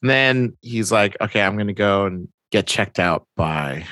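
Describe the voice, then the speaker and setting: Guy with a deep voice telling a comic story, does the characters' voices, dry close sound. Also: normal speed, dry recording. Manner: animated storyteller, acts out characters' lines. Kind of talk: casual chat recapping a comic story.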